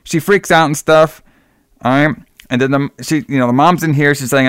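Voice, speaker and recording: A man's voice: a little high, fairly even intonation, normal speed, a bit bright, clear, resonant tone, dry recording, clean studio sound. A young man casually recapping a film plot, rambling and full of fillers. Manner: rambling, many fillers and restarts.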